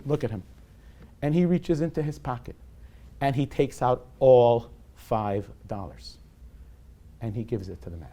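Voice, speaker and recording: A man in his forties, a rabbi giving a lecture on parenting to a live audience, telling stories with humor and sprinkling in Yiddish and Hebrew terms. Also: fairly high pitch. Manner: warm and self-deprecating, with humor.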